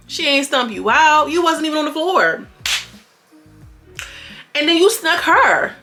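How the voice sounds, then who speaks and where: Sassy gravelly woman recapping reality TV. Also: a little high. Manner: animated, sassy, retells scenes in quoted voices. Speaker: reality TV commentator. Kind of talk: casual recap commentary.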